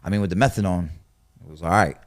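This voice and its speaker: Guy from new york with a lowish voice, telling a rough story casual-style, jumps loud when he quotes people then mutters. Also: quick pace. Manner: animated, acts out quotes with sudden loud jumps; swears freely, drops into low mutters. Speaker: podcast guest.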